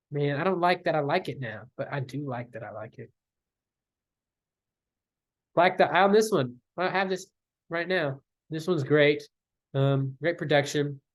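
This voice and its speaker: A young man ranking his favorite albums in casual chat, enthusiastic and rambling, slangy and full of fillers. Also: on the high side.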